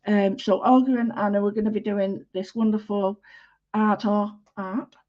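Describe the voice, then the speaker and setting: A woman's voice: medium pitch, little pitch movement, normal speed, dull audio. A woman with a Manchester accent hosting a chatty live-stream drawing lesson, rambling along and greeting viewers by name. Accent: Mancunian. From Manchester, England.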